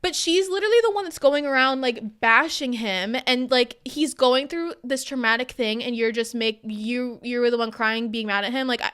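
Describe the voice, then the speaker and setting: A woman's voice: fairly high pitch, moderate pace, few pauses, a bit bright, clear, resonant tone. A young woman in her twenties co-hosting a podcast, ranting heatedly in casual chat with lots of fillers. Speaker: podcast co-host.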